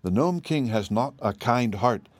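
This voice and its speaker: A man reading an audiobook, voicing a kindly tin man emperor in a gentle, grave, measured way. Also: mid-range voice, expressive, no echo.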